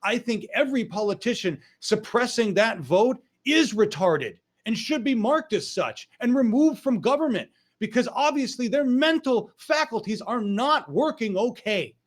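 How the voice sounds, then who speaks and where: A man's voice: very high-pitched, animated, moderate pace, hardly any pauses. A man hosting his own online political show, ranting angrily with frequent profanity and emphatic outbursts. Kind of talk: political rant.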